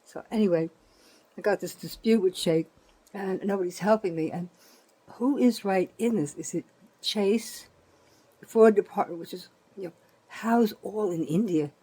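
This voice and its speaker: A woman's voice: medium pitch, moderate pace, mellow, slightly rough, rough recording. An older woman, rambling through a profane, indignant complaint vlog full of restarts. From New Jersey, USA. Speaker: vlogger.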